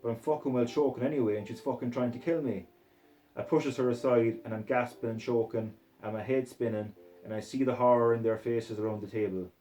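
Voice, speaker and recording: A man's voice: mid-range voice, warm tone, rough recording. A man reading a crude novel aloud in a put-on Scottish accent, in a profane, aggressive first-person voice. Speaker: reader.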